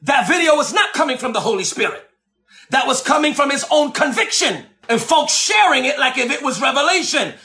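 A man preaches a sermon with emphatic animation, shifting between shouted lines and slow, drawn-out low phrases. He repeats lines for effect.

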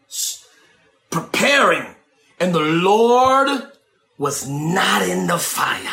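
A man preaching a sermon, shouting and dramatic, with asides to the congregation. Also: very high voice, vocal fry, reverberant.

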